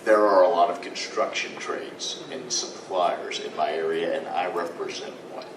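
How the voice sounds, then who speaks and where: A man's voice: deep voice, normal speed. A man, a lawyer, telling a story to a convention audience in a dry, matter-of-fact way. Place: convention panel room. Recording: echoey room from far off with noise.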